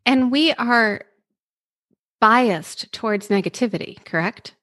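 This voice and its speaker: A woman's voice: fairly high pitch, slow, fairly bright tone. A woman co-hosting a conversational talk, thoughtfully adding her own points.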